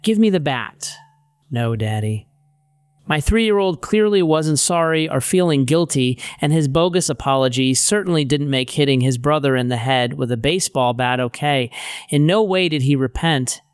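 Middle-aged male author-narrator, steady wry teaching read, clean resonant voice. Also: fairly high pitch, normal speed, clear, resonant tone, no echo. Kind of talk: audiobook narration of a Christian teaching book.

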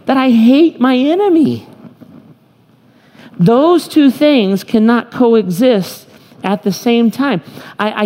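A man preaching a sermon as pastor, emphatic and joking as he tells stories to his congregation. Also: high-pitched. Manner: humorous, emphatic storytelling preacher. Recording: long hall reverb.

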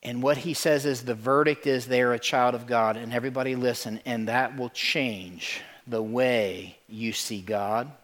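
A man's voice: mid-range voice, normal speed, hardly any pauses. A male pastor preaching a sermon to his congregation, telling stories, repeating words and talking straight to the listeners. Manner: animated storytelling, acts out voices in quotes.

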